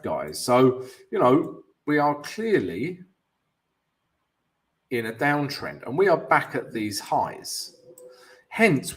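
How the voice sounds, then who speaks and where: A man hosting a live trading stream, walking viewers through charts and greeting them by name, with frequent "yeah" and "guys". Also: medium pitch. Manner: explanatory, peppered with "yeah" and "guys", reading out viewer names.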